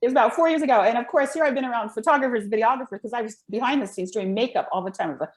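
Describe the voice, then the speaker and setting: Animated middle-aged woman coach. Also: on the high side, rapid-fire. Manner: animated, rambling storyteller. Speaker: guest, live video and voice coach. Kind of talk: casual interview chat.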